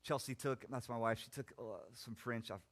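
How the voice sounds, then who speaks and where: Young man, pastor giving a sermon; animated preaching that swings from loud emphasis to soft reflection. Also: mid-range voice, moderate pace. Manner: animated preaching, rising loud then dropping quiet.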